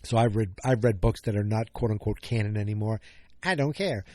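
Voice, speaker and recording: A man's voice: lowish voice, brisk, darkish tone, dry recording. Rambling man on a dry podcast mic. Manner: rambling, thinks aloud with many fillers and self-corrections. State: yawning, tired. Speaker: podcast host. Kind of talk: casual solo recap.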